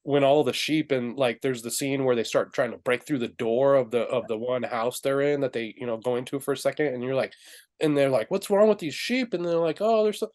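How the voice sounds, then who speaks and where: A man co-hosting a casual film review chat, laughing often and acting out movie lines in quick high voices. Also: fairly even intonation, darkish tone. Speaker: podcast co-host.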